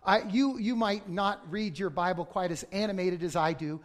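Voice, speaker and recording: A middle-aged male pastor preaching a conversational sermon that breaks into sudden loud outbursts. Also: sits high, moderate pace.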